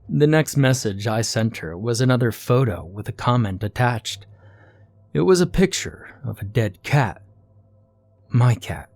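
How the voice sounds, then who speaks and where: A man tells a horror story in a low, hushed voice, leaning on dramatic pauses. The sound is close and dry, and faint music plays softly behind him. His pitch sits on the lower side. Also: no room sound. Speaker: narrator. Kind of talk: scripted horror narration.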